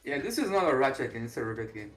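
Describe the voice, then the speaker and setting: A man's voice: medium pitch, very animated, rapid-fire, faint music behind. A man joining a casual gaming podcast as a guest, sounding groggy and just woken up, blunt and opinionated.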